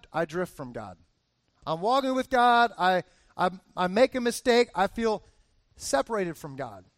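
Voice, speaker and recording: A man's voice: high voice, no echo, studio quality. A man in his forties preaching a casual, conversational sermon that rises into emphatic bursts. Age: 40s. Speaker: pastor.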